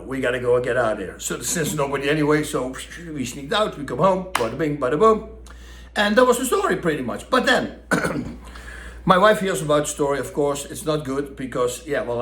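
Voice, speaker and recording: Animated storytelling man, Dutch accent. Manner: animated, acts out quotes with raised pitch. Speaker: storyteller host. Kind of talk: casual storytelling. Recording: echoey room.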